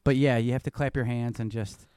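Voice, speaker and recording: A man's voice: mid-range voice, steady tone, fairly quick, mellow, smooth, dry recording. Dry, rambling casual man. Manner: loose, rambling storytelling with swearing. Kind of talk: casual chat.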